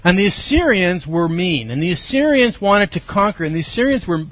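A middle-aged man preaches a sermon, his voice sitting a little high as he acts out voices and stories. The recording is dry and slightly muffled, with little room sound. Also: brisk, no echo. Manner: animated storytelling, acts out voices and shouts. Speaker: pastor.

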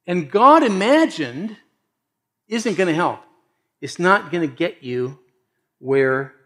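A man preaching a sermon and reading scripture aloud, swinging between loud emphasis and hushed asides. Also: a little high. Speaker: pastor.

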